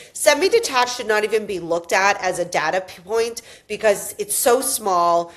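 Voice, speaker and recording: A woman hosting a casual podcast chat, telling animated stories and wandering into tangents. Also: mid-range voice. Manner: animated storyteller, goes off on tangents, acts out quotes. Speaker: realtor and podcast host.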